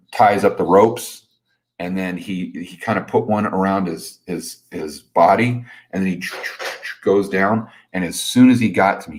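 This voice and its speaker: A middle-aged man telling a personal story on a casual live stream, rambling with many restarts and fillers. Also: low-pitched.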